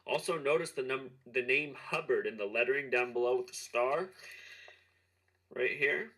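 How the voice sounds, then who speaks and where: A man calmly explaining something step by step, played back as a clip from a video. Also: mid-range voice, normal speed, low-quality recording.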